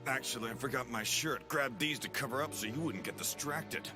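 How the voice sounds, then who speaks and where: An actor voicing a cocky, tough young male swordsman in an English anime dub, gruff and quick to yell. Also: medium pitch, natural voice. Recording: anime dub clip over loud music.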